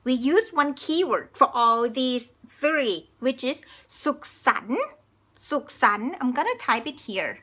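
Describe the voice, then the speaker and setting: A woman with a Thai accent hosts a live online lesson on her own language. Her voice sits high and rings bright, and she talks chattily, laughing often as she reads out viewer comments. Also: sing-song, a little fast.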